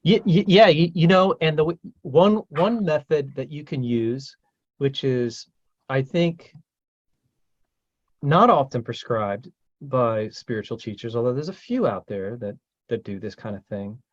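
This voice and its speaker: A man's voice: a little slow, highs cut off. A man hosting a casual group talk as a spiritual teacher, emphatic and blunt, swearing freely. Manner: emphatic and profane, swings loud and high when stirred.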